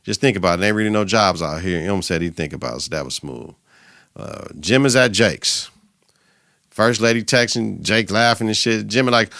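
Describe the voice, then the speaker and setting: A man hosting a podcast, recapping a TV episode in a casual, profane, animated way, acting out the characters' lines. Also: medium pitch, normal speed, gravelly, dry recording. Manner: animated, profane retelling with quoted voices. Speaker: podcast host.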